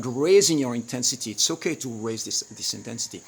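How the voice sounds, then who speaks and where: A man's voice: medium pitch, fairly quick, creaky, hardly any pauses, husky. A man hosting a teaching webinar, who acts out quoted lines with sudden jumps in volume. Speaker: webinar host and relationship coach. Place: home studio in rice fields, outdoors nearby.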